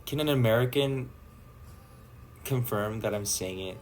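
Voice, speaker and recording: A man's voice: medium pitch, a little slow, a little hiss or hum. A young man from Canada with a Canadian accent, chatting playfully and loosely with viewers on a livestream, drifting from topic to topic. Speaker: idol livestream host. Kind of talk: casual livestream chat with viewers. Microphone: phone livestream.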